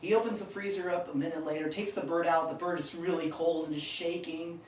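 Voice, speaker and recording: A man hosting a live cooking stream, telling a long joke and chatting in an animated, upbeat way. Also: on the high side, brisk, slight background noise. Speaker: cooking show host. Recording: roomy kitchen sound from a distance.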